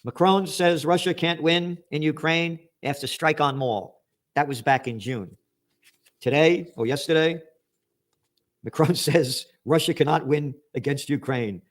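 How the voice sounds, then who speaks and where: Man, ranting news commentary, mocking and profane, slightly high voice. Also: unhurried. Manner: angry, sarcastic, profane, mocking; reads headlines aloud then mocks them.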